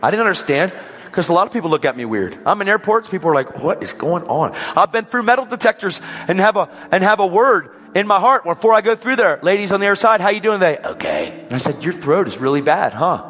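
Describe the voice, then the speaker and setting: Animated man preaching in a hall. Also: sits high, quick pace. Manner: animated, swings from loud preaching to hushed. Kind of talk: storytelling sermon.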